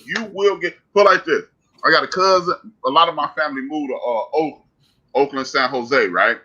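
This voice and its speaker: A man's voice: fairly high pitch, moderate pace. A man from Chicago, co-hosting a podcast, telling stories in casual chat and calling out to the chat room. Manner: animated storyteller, calls out to the chat. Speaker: podcast co-host. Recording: muffled lo-fi audio.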